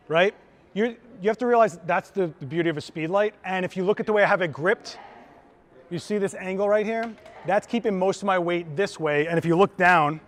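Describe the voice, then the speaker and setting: Upbeat chatty photographer man, slightly high. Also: fairly bright tone. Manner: casual, enthusiastic, chatty teacher. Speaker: photographer giving a gear demo. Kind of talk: live instructional demo. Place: trade show floor.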